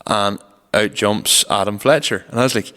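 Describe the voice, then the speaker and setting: Man, young adult, casual podcast chat, very deep, reverberant room. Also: moderate pace, bright, forceful tone. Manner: rambling storytelling with swearing. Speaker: podcast co-host.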